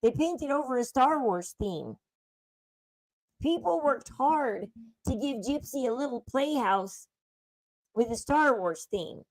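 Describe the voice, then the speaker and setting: A woman's voice: sits high, lively intonation, takes it slowly, long pauses, no room sound, low-quality recording. A woman streamer giving emphatic true-crime gossip commentary, repeating points and lecturing her viewers.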